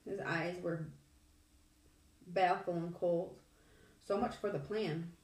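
A woman with a fairly low voice reads a novel aloud in a measured, steady manner. She sits back from the mic, and the room adds a clear echo. The storytelling is even and unhurried. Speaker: audiobook reader. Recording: echoey room, distant mic.

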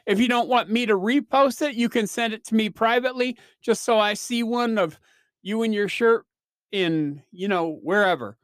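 A man's voice: sits high, moderate pace, fairly bright tone, clear, resonant tone, no echo, clean studio sound. A man hosting his own podcast, telling rambling, self-deprecating stories in a casual solo chat with lots of fillers. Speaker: podcast host.

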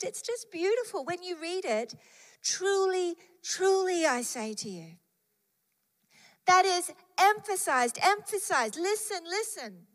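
A woman's voice: very high-pitched, fairly bright tone, big-room sound. A woman preaching a sermon with emphatic repetition of key phrases and scripture read aloud.

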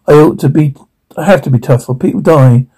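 A man's voice: a little high, brisk, warm tone, husky, poor audio. An actor playing a boastful, tough male pharmacist in a sitcom scene. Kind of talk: sitcom acting.

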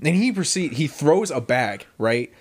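A man co-hosting a podcast, telling a story in casual chat, swearing often and acting out the quotes loudly. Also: a little high, unhurried. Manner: animated storyteller, profane, acts out quotes loudly. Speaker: podcast co-host.

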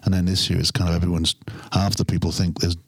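A man's voice: deep voice, flat delivery, quick pace, creaky, no room sound. A man from England, a musician, chatting in an interview, rambling and restarting his sentences with chuckles. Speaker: musician guest. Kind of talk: casual interview chat.

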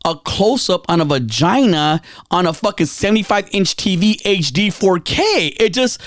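A man hosts a podcast in loose, rambling chat, tripping over his words, repeating himself and cursing as he tells a story. His voice sits high for a man. The recording is dry, with no room sound. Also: lively intonation, moderate pace, a bit bright, no room sound. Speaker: podcast host. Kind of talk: casual chat.

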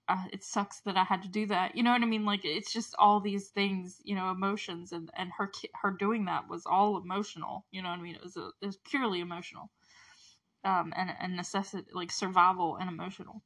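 A woman casually recapping a TV episode, chatty and animated, with lots of fillers and asides. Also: medium pitch, a little fast. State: close to tears at moments. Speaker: show recap host.

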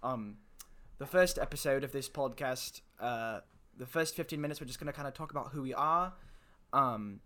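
A man's voice: mid-range voice, moderate pace, hardly any pauses, sharp tone. An American man co-hosting a casual comedy podcast, talking in a rambling, self-deprecating way with lots of fillers, recorded from a bedroom. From United States. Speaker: podcast co-host.

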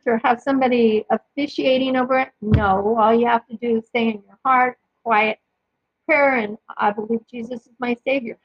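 Husky-voiced woman reading scripture. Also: on the high side, no echo. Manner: careful, measured reading with occasional small slips. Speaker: podcast host sharing Bible readings. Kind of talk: reading scripture aloud with short personal commentary. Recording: dull lo-fi dry recording.

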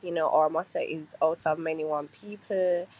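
Low-voiced Jamaican woman. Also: fairly even intonation, normal speed, a little mellow, poor audio. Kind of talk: recorded answers to podcast questions.

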